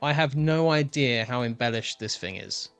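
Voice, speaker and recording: A man on a panel show giving his opinion slowly, hesitating with lots of ums. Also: medium pitch, lively intonation, gravelly, fairly bright tone, clean tone, soft background music. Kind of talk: casual panel chat.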